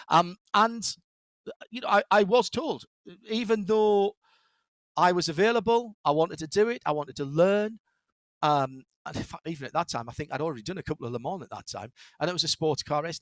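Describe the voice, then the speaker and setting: A middle-aged man with a Northeast English accent talks fast and animatedly in a casual interview, often stopping to restart a sentence. His voice sits a little higher than most men's. The recording is close and dry, with no room sound. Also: no echo. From Northeast England. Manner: fast-talking, animated storyteller with frequent restarts. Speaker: guest, motorsport commentator.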